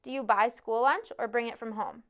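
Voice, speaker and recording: A woman's voice: a little high, steady tone, normal speed, fairly bright tone. A woman voicing a kindly older female teacher offering to help. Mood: friendly.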